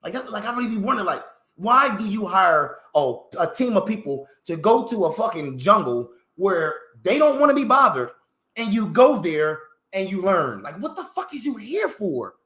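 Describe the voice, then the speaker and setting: Guy ranting on a vlog, cussing, tons of slang, high voice, echoey room. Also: moderate pace. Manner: animated, swearing, heavy slang, rhetorical questions. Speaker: vlogger. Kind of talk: profane, rambling opinion rant. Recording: roomy echo.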